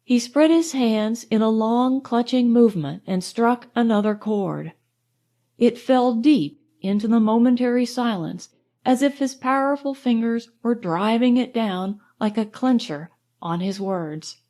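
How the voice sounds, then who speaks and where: A woman narrating an audiobook in a measured, expressive storytelling manner. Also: a little high.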